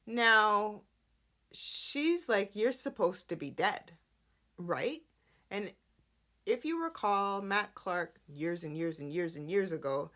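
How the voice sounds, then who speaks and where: A woman's voice: medium pitch, fairly bright tone. A woman hosting a podcast, chatting casually through a soap opera recap and acting out the characters' lines. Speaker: podcast host.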